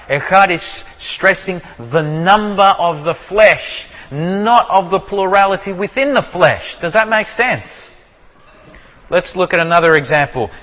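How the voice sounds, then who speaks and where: A man teaching from the Bible, explaining with repeated rhetorical questions and slowing down to stress key words. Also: on the high side, big-room sound, lo-fi sound. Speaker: preacher.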